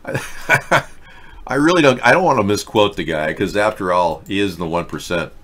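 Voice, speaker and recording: A man's voice: on the low side, animated, moderate pace, fairly bright tone. A man hosting a casual political commentary show, reading headlines aloud with sarcastic, mocking asides. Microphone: webcam setup.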